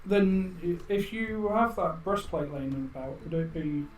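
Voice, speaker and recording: Guy playing d&d, kinda high voice, lots of ums, far from mic in an echoey room. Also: lively intonation, a little slow, over music. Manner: hesitant, many ums. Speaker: player. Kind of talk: tabletop role-play.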